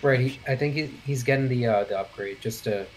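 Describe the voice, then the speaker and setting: A man's voice: medium pitch, fairly quick, loud music behind the voice. A man giving live commentary on a speedrun match, thinking aloud and often checking with his co-host for agreement.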